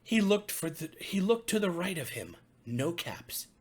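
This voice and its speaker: A man, a pastor, reading a bedtime story to children in an expressive, sing-song way. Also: sits high, measured pace, breathy edge.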